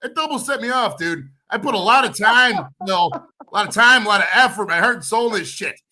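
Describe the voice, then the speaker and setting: An American man hosting a live stream podcast, ranting in casual profane chat and shouting when worked up. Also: sits high, lively intonation, brisk. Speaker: podcast host.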